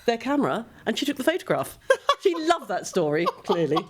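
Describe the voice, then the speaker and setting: A woman's voice: on the high side, big pitch swings, fairly quick, husky. A middle-aged British woman, a former royal press secretary, telling self-deprecating stories as a podcast guest. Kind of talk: anecdotal podcast chat.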